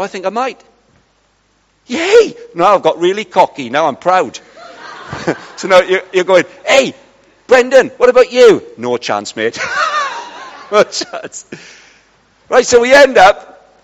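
Man, middle-aged, lively sermon storyteller, high voice, long hall reverb. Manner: lively, chatty, acts out dialogue with friends. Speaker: preacher. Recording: dull sound in a large reverberant hall.

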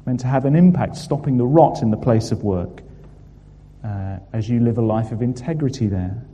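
Emphatic English preacher in an echoing hall. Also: male voice, mid-range voice, normal speed, warm tone, slightly rough, muffled recording. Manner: earnest, emphatic, with frequent fillers. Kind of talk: sermon. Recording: long hall reverb.

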